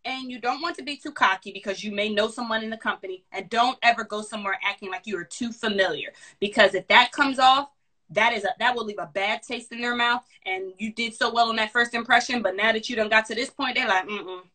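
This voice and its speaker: A woman career advisor gives advice in a casual chat, fast, animated, and sassy. Her voice is bright and fairly high.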